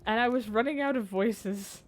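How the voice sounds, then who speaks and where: A woman's voice: on the high side, normal speed, faint music behind. A young woman streaming a story game, reading its text aloud and chatting casually, with playful swearing and frequent laughs. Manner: playful, profane, laughs often. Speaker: streamer playing a narrative game.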